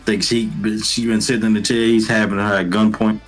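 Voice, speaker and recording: Low-voiced young man recapping anime. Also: flat delivery, brisk, soft background music. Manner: loose, rambling, profane slang, many restarts. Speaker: podcast co-host. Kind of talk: casual anime recap chat.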